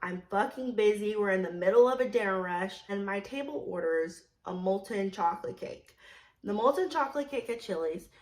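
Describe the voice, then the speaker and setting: A young woman telling a story about a past job in a casual, blunt way, swearing freely and filling with "like", dropping low and quiet, then rising loud and indignant. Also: expressive, normal speed. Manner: chatty, blunt, swears freely, many "like" fillers. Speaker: vlogger telling a work story.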